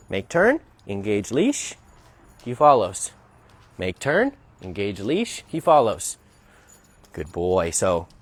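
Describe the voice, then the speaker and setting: Lively low-voiced male dog trainer. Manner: explanatory, asks "right?" often, upbeat praise to the dog. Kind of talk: narrated training demonstration.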